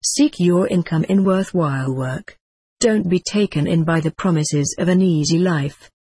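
A woman voicing an ailing, devout widowed mother who speaks slowly and tenderly, read as part of an audiobook. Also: fairly low pitch, warm tone, slightly rough, no room sound. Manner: slow, tender, pleading. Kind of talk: audiobook character reading.

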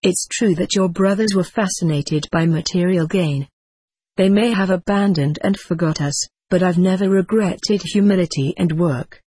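A female narrator gives voice to a frail, devout widowed mother who softly and slowly begs her child, in a reading from an audiobook. The sound is intimate and dry without any echo, and her lowish, breathy delivery stays earnest, gentle and tender.

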